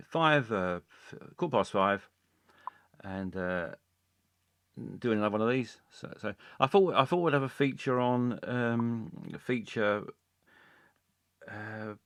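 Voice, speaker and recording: A man hosting a comic live stream, rambling along with halting speech full of fillers and restarts. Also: mid-range voice, a bit bright, no echo.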